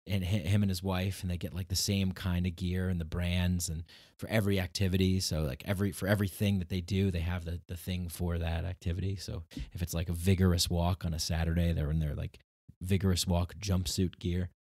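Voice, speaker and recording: A man with a lowish voice talks through a personal story on his solo podcast, rambling and restarting, slipping into quoted lines as he goes. The sound is dry and close to the mic. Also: little pitch movement, brisk, darkish tone, no echo. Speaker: podcast host. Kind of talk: casual storytelling monologue.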